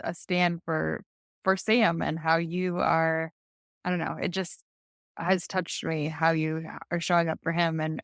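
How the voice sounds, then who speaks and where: Appreciative female podcast host, lowish voice. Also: no echo, clean studio sound. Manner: warm, appreciative, searching for words. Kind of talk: casual interview talk.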